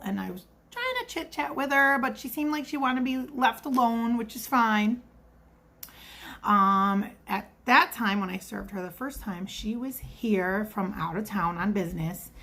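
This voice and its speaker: A woman's voice: mid-range voice, fairly bright tone. A woman in her thirties or forties telling a story in a casual vlog, chatty and rambling, full of asides. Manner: chatty, rambling asides, acts out quoted voices. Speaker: vlogger and restaurant server.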